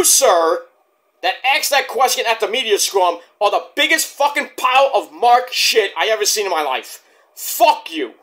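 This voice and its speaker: A man's voice: sits high, bright, forceful tone. A man reviewing a wrestling show in a heated, profane, rambling rant.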